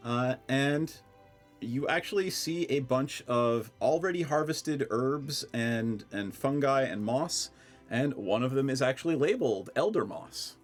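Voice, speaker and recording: A man's voice: mid-range voice, a little slow, faint music behind. A man running a tabletop game as game master, narrating scenes with a wry, amused manner. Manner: wry, laughs easily, animated delivery.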